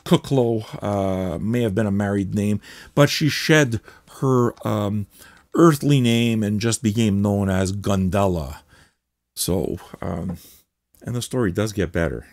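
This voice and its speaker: Rambling, excitable man reviewing records. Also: fairly low pitch, slow pace, dry recording, clean studio sound. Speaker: record review show host. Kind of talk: casual record review chat.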